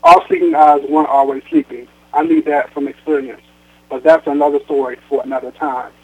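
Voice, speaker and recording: A man's voice: on the high side, steady tone, fairly quick. A male author reading a first-person chapter of his novel aloud, stumbling and repeating words, then chatting about it as a guest. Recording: tinny phone line.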